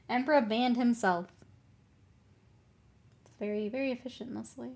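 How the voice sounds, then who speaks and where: A woman's voice: a little high, takes it slowly, creaky, long pauses. A woman streaming her miniature painting, chatting casually, laughing often and answering her chat while she works.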